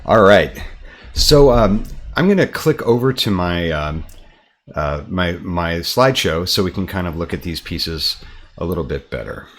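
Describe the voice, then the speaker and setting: An American man, an artist and art teacher, talking casually to camera in his studio, relaxed and chatty with frequent ums. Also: sits low, unhurried. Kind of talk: casual explanatory talk to camera.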